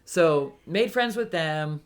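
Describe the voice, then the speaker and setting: Woman telling lively travel stories. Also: sits low, takes it slowly. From Hawaii, United States. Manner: animated, acts out quoted voices. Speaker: interview guest. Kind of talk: casual storytelling.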